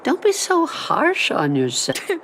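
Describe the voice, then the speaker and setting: An actress voicing a gentle, reassuring elderly mother in a game cutscene, speaking softly and slowly. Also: sits high, wildly swooping pitch, slight background noise, heavily acted. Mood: tender, reassuring. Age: older. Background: game score music.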